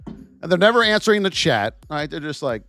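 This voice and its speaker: A man hosting a live trading lesson, loud and joking, calling out viewers by name as he reads off price levels. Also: a little high, very animated, fairly quick, faint music behind. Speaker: trading educator and livestream host. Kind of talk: energetic live market commentary.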